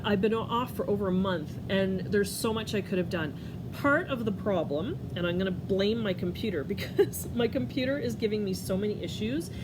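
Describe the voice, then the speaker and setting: A middle-aged woman in a casual talking-to-camera life update from home, rambling and scattered, tearful and emotional, laughing through tears. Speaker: vlogger. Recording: clear background noise, furnace rumble.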